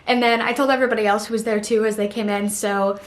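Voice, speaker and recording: A woman's voice: mid-range voice, fairly even intonation, fast talker. A young woman telling a story to camera in a casual, chatty way, with lots of "like" and giggly asides. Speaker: vlogger. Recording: roomy echo.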